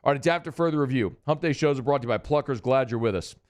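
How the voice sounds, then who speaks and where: A man's voice: medium pitch, racing. Middle-aged guy doing a sports radio monologue, folksy and chatty, talks right to the listeners, mid-range voice.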